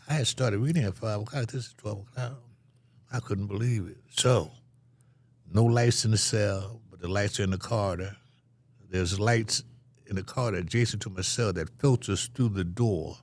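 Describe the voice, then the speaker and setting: A man's voice: on the low side, normal speed, a little mellow, dry recording. An older man telling a story as an interview guest, acting out the voices of the people in it.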